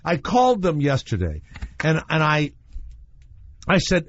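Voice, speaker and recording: Animated, rambling male radio host. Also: on the high side, normal speed, breathy edge. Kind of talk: casual talk radio chat. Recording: muffled radio broadcast.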